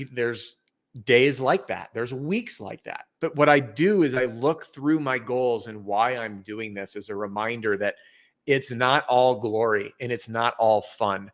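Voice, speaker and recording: A middle-aged man talking as a podcast guest, telling stories in an earnest, energetic way. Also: medium pitch. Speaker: podcast guest, roofing sales trainer. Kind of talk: casual interview chat.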